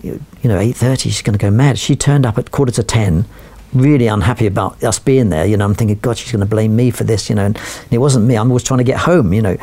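Gravelly, mellow-voiced man telling stories. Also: on the low side, quick pace, few pauses. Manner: rambling, many "you know" fillers and restarts. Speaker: portrait photographer, guest. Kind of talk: anecdotal storytelling.

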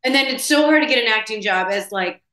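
A woman hosting a casual entertainment chat, talking in a chatty, gushing way with quick asides. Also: on the high side, expressive, sharp tone, roomy sound, poor audio. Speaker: entertainment host.

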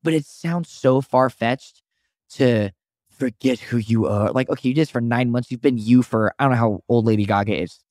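A man's voice: moderate pace, darkish tone, no room sound, clean studio sound. A young man co-hosting a podcast in a casual chat, laughing often and acting out quotes. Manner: laughs often, acts out quotes with big swings in pitch. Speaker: podcast co-host, actor.

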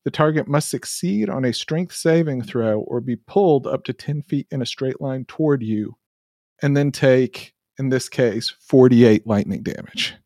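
A man's voice: medium pitch, unhurried, mellow, dry recording, clean studio sound. A man playing in a tabletop game, eager and playful, reading rules aloud. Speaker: player.

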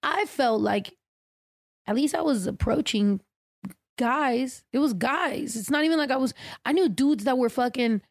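A woman podcast host telling a story in casual chat, blunt and profane, animated as she talks. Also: high-pitched, a little slow, no echo, studio quality.

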